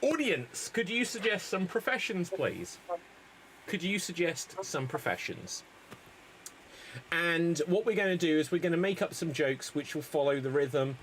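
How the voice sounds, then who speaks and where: A man's voice: on the high side, lively intonation, a little slow, fairly bright tone, a little hiss or hum. A man hosting an improv comedy show, rambling and mocking himself.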